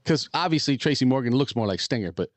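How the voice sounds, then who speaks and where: A man's voice: medium pitch, expressive, fast talker. A man co-hosting a podcast in casual chat, telling stories with frequent laughter. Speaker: podcast co-host.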